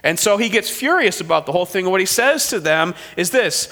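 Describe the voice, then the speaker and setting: High bright-voiced preacher in a hall. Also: male voice, brisk, hardly any pauses. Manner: animated storytelling, acting out quoted figures. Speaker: pastor. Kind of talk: sermon.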